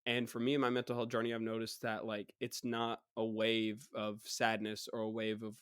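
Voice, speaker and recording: A young man hosting a casual solo podcast. His voice is partly worn out from illness, and he rambles in an animated way. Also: on the low side, moderate pace, clear, resonant tone, dry recording, clean studio sound. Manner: rambling and animated, mocking others in put-on voices. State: recovering, voice partly gone. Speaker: podcast host.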